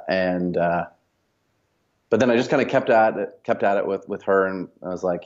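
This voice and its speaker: A man's voice: low voice, fairly even intonation, normal speed, highs cut off. A man, a company cofounder, telling a long anecdote casually as a podcast guest, full of fillers and quoted dialogue. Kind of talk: casual storytelling.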